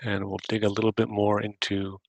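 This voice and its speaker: Gravelly-voiced man guiding a meditation. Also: fairly low pitch, monotone, noisy background. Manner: gentle, unhurried, asks the listener questions. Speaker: podcast host guiding a meditation. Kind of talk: guided meditation.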